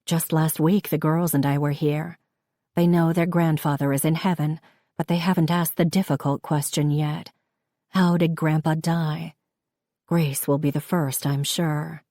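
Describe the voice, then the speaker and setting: Low-voiced woman narrating a novel. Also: steady tone, measured pace, warm tone, no echo, clean studio sound. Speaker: audiobook narrator. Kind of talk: first-person scripted narration.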